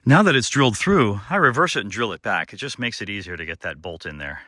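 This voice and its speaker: A man's voice: on the low side, animated, fast, pushed and bright, no room sound, clean studio sound. A man narrating to himself while building outdoors on a slope, wry and joking, a little short of breath. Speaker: DIY builder vlogger. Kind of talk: casual self-narration while working.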